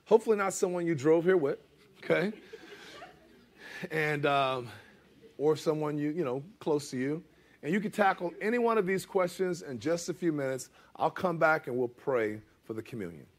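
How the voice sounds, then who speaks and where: A man's voice: on the high side, moderate pace. A middle-aged man preaching a conversational sermon as pastor, often asking the congregation "amen?" and dropping casual asides.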